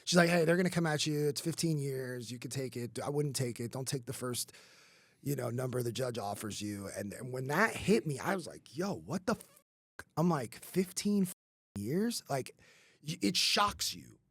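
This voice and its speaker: A man's voice: mid-range voice, lively intonation, normal speed, a bit bright, no room sound. A man in his thirties telling his life story on a podcast, casual and rambling, with many fillers and swearing. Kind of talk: candid conversational storytelling.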